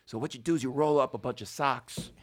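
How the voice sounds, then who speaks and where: A man hosting a podcast, telling rambling, foul-mouthed stories in casual chat, his voice slightly hoarse. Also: mid-range voice, fast talker. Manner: rambling storyteller, swears freely, laughs often. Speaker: podcast host.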